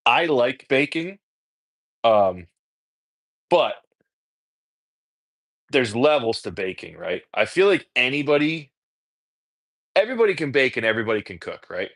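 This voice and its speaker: A man's voice: medium pitch, big pitch swings, a little slow, pauses often, a bit bright, dry recording. A man casually chatting while prepping food, rambling and self-deprecating, swearing freely, with a New Jersey accent. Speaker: home cook content creator. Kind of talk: casual chat while cooking prep.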